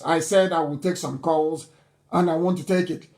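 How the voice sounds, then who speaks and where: Male radio host, high-pitched, insistent and pleading, live address. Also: steady tone, normal speed. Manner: forceful, repetitive, pleading. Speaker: radio broadcaster taking calls.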